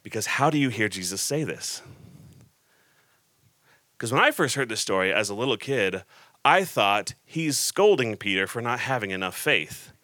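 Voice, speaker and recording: A man preaching a casual, joking sermon to a laughing audience, reading scripture aloud with animated storytelling. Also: fairly low pitch, moderate pace, dry recording.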